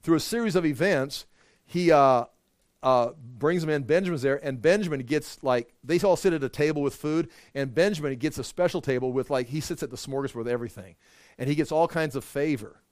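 A man's voice: a little high, a little fast, a little mellow, no room sound, studio quality. A man preaching a sermon, retelling scripture in a casual storytelling way with asides and jokes.

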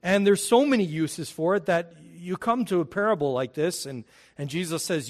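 A middle-aged pastor delivering a sermon in a slightly high voice. He speaks earnestly and builds emphasis on key phrases. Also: normal speed, a little mellow. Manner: earnest, emphatic preaching with rising stresses.

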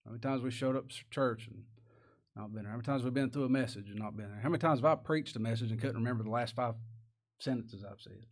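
A man's voice: medium pitch, fast talker. A man preaching a sermon, folksy and plain-spoken, asking the congregation rhetorical questions and reading scripture aloud. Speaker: pastor.

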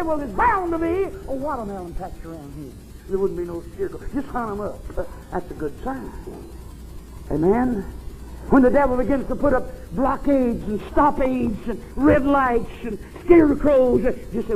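Fervent high-pitched male preacher. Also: big pitch swings, moderate pace, soft background music, rough recording. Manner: fervent folksy preaching that climbs into shouts. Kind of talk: revival sermon. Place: church service.

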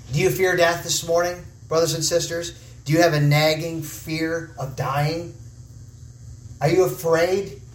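A man preaching a sermon as pastor, urgent and rising at times, then slow and hushed. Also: fairly high pitch. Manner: impassioned preaching, swinging from urgent rises to slow, hushed stretches. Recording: echoey room, voice from far off the mic.

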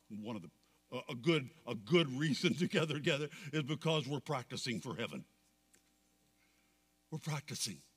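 A man's voice: medium pitch, fairly bright tone, long reverb tail. A man preaching a sermon, reading scripture aloud with rising fervor. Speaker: pastor.

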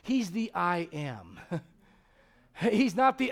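A middle-aged male pastor preaching a sermon in a church, animated and joking, swinging from loud to hushed. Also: sits high, drawn-out words, creaky, long pauses.

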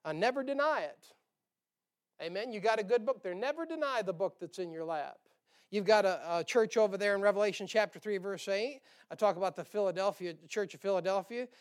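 A male pastor preaching with a high-pitched, clear and resonant voice. He keeps things folksy and joking, chuckling between points and firing rhetorical questions at his listeners. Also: fairly quick. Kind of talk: sermon.

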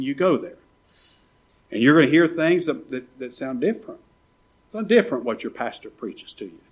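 Male pastor, sermon delivery, husky and impassioned, very animated pitch. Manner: impassioned, rising to pleading cries. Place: church.

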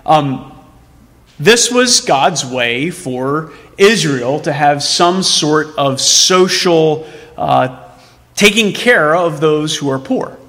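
A male pastor delivers a sermon in a bright, forceful voice that sits a little above the usual male register. He leans on emphasis and keeps turning rhetorical questions to his listeners. A long hall reverb trails behind each phrase, as in a church sanctuary. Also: a little high, animated, slow pace.

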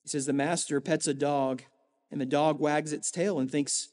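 A man preaching a sermon as a pastor, earnest, with rhetorical emphasis and dramatic pauses. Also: on the high side, steady tone, darkish tone. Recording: long hall reverb.

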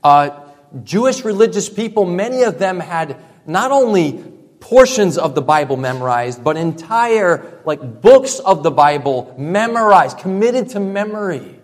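A male pastor preaching a sermon, emphatic, dropping to a hush for effect and piling up repeated phrases. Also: high voice, expressive, measured pace. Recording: long reverb from a large hall.

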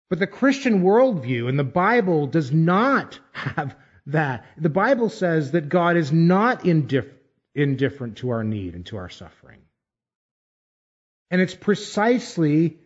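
A man preaching a sermon, measured and emphatic, pausing deliberately between phrases. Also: a little high, highs cut off. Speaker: pastor.

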